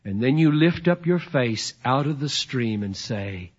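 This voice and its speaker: Husky middle-aged male preacher. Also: medium pitch, lively intonation, measured pace. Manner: emphatic, storytelling, swings from loud to hushed. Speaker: pastor. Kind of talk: sermon. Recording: dull lo-fi sermon recording.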